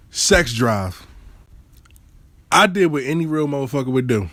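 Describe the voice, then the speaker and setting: Man, comic storyteller, high-ish lively voice, swears a lot, music bed. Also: slow, no room sound. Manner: animated, swearing, repetitive for emphasis. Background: background music.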